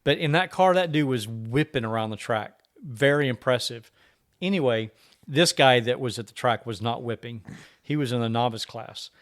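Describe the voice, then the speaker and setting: A man's voice: mid-range voice, moderate pace. A man co-hosting a casual podcast, telling a long anecdote and acting out the quoted exchanges with other drivers. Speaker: podcast co-host. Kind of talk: casual storytelling chat.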